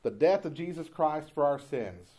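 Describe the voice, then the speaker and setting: Higher-voiced preacher. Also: male voice, normal speed. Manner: builds from calm reasoning to loud, impassioned preaching; conversational storytelling with restarts. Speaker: pastor. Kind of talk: sermon.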